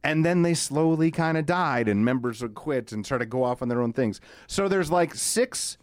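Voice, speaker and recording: Animated, swearing man telling stories. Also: on the high side, moderate pace, dry recording, clean studio sound. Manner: animated, profane storytelling with frequent "like" and "man". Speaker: podcast co-host. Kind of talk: casual chat.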